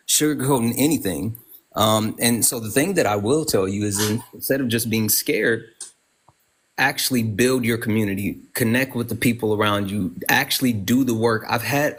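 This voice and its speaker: Earnest husky man hosting a live stream. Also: medium pitch, a bit bright. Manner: earnest, urgent, with many restarts. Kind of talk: casual live stream chat.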